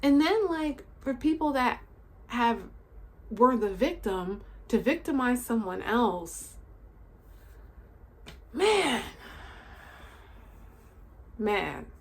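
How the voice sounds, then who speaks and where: A woman's voice: a little high, expressive, takes it slowly, long pauses. A woman hosting a commentary channel, ranting in an outraged, casual monologue full of exclaimed rhetorical questions and slang.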